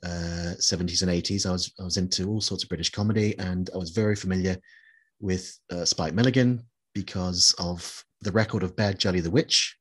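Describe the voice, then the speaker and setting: A man's voice: deep voice, steady tone, brisk, husky. A middle-aged man from New Zealand chatting reflectively, with many fillers and restarts. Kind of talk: casual chat.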